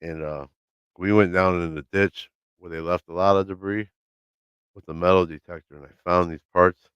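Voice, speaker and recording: Deep-voiced man telling a casual live story. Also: fairly even intonation, moderate pace, a bit bright, clear, resonant tone, dry recording, muffled recording. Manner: loose storytelling, swearing, acts out quotes. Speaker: livestream host. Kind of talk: casual live-stream chat. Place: home, by his laundry room.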